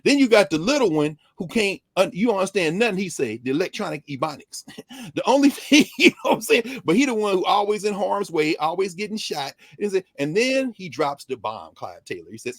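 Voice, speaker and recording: A man speaking as a guest scholar on a talk show, telling stories in an animated way, acting out quoted exchanges and scattering "you know" through his speech. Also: high voice, brisk, no echo. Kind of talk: animated talk-radio commentary.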